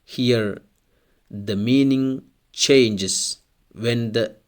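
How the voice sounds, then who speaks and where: Every example word gets said twice as a male language teacher goes through a scripted pronunciation lesson. He speaks in a medium pitch, unhurried and deliberate throughout.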